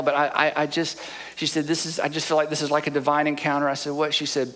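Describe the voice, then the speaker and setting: Brief: middle-aged man preaching, bright and fairly high, earnest storyteller, choked with emotion. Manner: earnest, storytelling, repeats "I'm telling you". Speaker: pastor. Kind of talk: sermon.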